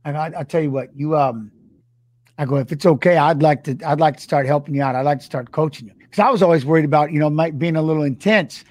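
Emotional man, halting speech, dry sound. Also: a little high, darkish tone, dry recording. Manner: halting, repeats himself, near tears. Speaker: former fighter and guest. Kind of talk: emotional storytelling.

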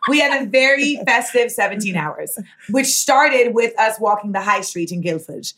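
An American woman telling stories as a guest in a casual chat, animated and acting out the voices of the people in them. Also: a little high, normal speed, roomy sound.

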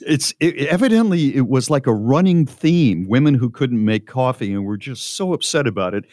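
A man's voice: mid-range voice, animated, moderate pace, darkish tone, no echo, studio quality. A man hosting a casual talk show, incredulous and sardonic. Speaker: podcast host. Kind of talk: casual chat.

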